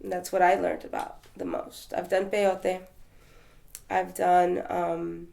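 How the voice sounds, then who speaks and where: A woman's voice: on the low side, level tone, slow, gravelly, mellow. A woman from Texas telling her story as an interview guest, in a rambling, conversational way with fillers and restarts. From Texas, USA.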